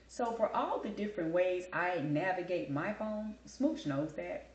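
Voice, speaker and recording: A woman's voice: on the low side, lively intonation, moderate pace, hardly any pauses, a little mellow, roomy sound, muffled recording. A woman hosting a casual chat show, telling a story in a blunt, emphatic, talkative way. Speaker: host.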